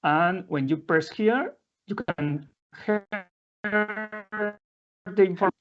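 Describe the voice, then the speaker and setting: A man presenting a live software demo in non-native English, halting often with fillers and restarting his sentences. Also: high voice. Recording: dull lo-fi audio.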